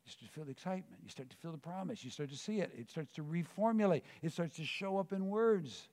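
Fervent preacher man, hushed to booming. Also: expressive, fast talker. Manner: swings from hushed, intimate speaking to loud exclamations; rhythmic, repetitive declarations. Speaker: pastor. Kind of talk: sermon and closing prayer.

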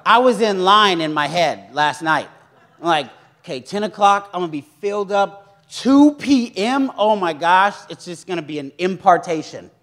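A young man preaching a sermon in a lively, joking way, acting out the voices of others. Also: high-pitched, normal speed.

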